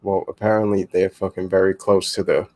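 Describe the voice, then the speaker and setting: A man co-hosting a casual podcast about fights, talking in an animated way with quick asides and some swearing. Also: low voice. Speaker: co-host.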